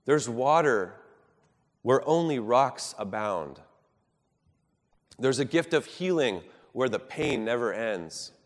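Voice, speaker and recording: A man preaching a sermon in an earnest, measured way, rising for emphasis and dropping soft at the ends of thoughts. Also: mid-range voice, animated, in a large hall.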